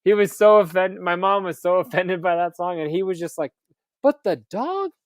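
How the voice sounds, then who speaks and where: A man's voice: high voice, steady tone, a little fast, smooth, dry recording. A man co-hosting a live stream show, telling funny stories casually with laughter and swearing. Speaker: podcast co-host.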